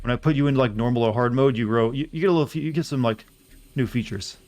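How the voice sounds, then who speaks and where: A man's voice: mid-range voice, quick pace, a little mellow, slight background noise. Joking young man streaming a game. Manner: joking, rambling chat to viewers. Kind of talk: casual game-stream commentary.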